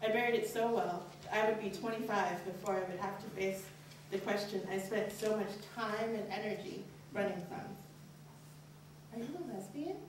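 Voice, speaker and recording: A woman's voice: steady tone, moderate pace, few pauses, noisy background. A young woman performing a candid personal story live on a college stage, her voice jumping up on anxious inner questions. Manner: earnest, candid, pitch rises sharply on anxious inner questions. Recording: very echoey hall, voice from far off.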